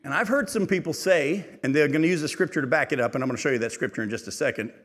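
A male pastor giving a sermon, reading scripture aloud with rising intensity and then retelling it in a quieter, conversational way with asides to the congregation. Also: rapid-fire, long reverb tail. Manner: rises in pitch and volume when reading aloud, drops low and quiet when retelling.

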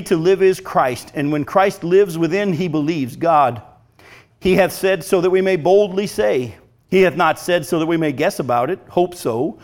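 Reading from a devotional text, a middle-aged preacher delivers his sermon in a fairly high voice. He speaks with earnest emphasis, hammering home every point.

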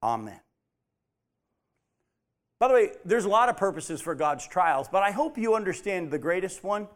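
A man's voice: high-pitched, sing-song, normal speed. A man teaching a Bible study, emphatic, repeating his key points and putting questions to the group.

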